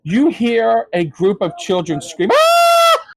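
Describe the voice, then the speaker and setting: A man's voice: on the high side, lively intonation, moderate pace, darkish tone. A man narrating as game master for a tabletop game, in a hesitant way full of fillers.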